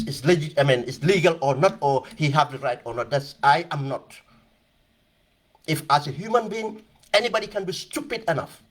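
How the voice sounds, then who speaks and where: A man giving emphatic, impassioned political commentary, repeating phrases for stress. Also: on the high side. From Gambia.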